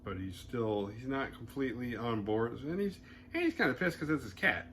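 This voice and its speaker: A man casually retelling a horror film plot in a loose, rambling way, slipping into quick voiced asides. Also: mid-range voice, very animated, a bit bright, a little hiss or hum. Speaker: horror movie podcast host. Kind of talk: casual movie recap.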